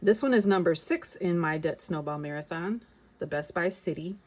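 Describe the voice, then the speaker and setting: A woman's voice: lowish voice, moderate pace, darkish tone. A middle-aged woman chatting casually as a vlogger, thinking aloud and reading out figures. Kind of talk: casual chat.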